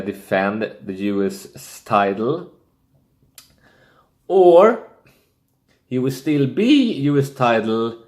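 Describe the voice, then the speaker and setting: A young man talking casually through his predictions, hesitant and thinking aloud with many fillers and restarts, in non-native English phrasing. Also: medium pitch. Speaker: wrestling fan predicting matches. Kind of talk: casual solo prediction talk.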